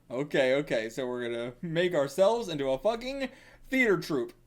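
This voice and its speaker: A man's voice: a little high, moderate pace. A man hosting a casual manga reaction, reading pages aloud and laughing often. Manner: giggly, excitable, often laughing.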